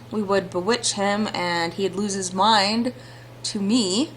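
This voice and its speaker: A woman's voice: mid-range voice, takes it slowly, a little hiss or hum. A woman hosting a let's play, musing casually about the story choices. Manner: chatty and musing. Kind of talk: casual game commentary.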